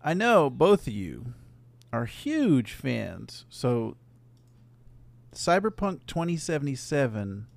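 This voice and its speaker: A man's voice: mid-range voice, sing-song, slow, creaky, dry recording. A man hosting a casual video game podcast, reading out news items and bantering with his co-hosts. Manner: reads headlines then banters.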